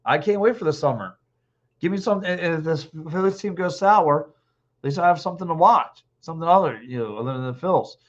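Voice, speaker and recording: Excitable fifty-something man on lo-fi audio. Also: a little high, fairly quick. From Philadelphia. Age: 50s. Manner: excitable, blunt, repeats himself. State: coughing, dry throat. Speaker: podcast host. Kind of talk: solo sports talk reading live comments. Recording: dull lo-fi stream audio.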